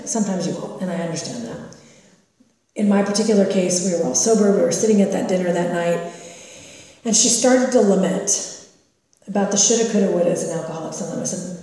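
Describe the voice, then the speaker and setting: A woman's voice: medium pitch, brisk, dark tone. A woman in her fifties from California, speaking at a recovery meeting and telling her own story candidly and with self-mocking humor. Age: 50s. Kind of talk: personal recovery share. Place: large meeting hall. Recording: echoey hall from far off.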